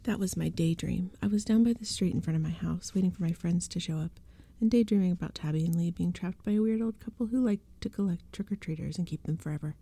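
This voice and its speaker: A woman reading a spooky storybook in a soft-spoken ASMR style. Her narration is hushed and gentle, with a breathy, dark and mellow voice. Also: fairly low pitch, fast, few pauses, no room sound.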